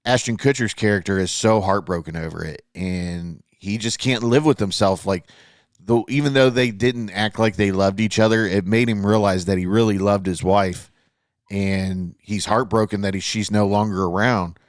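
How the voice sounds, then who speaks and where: A man's voice: on the low side, fairly even intonation, moderate pace, dry recording, clean studio sound. A man co-hosting a podcast, chatting casually and loosely about a TV show, with plenty of fillers and swearing. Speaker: podcast co-host. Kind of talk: casual chat reviewing a TV show.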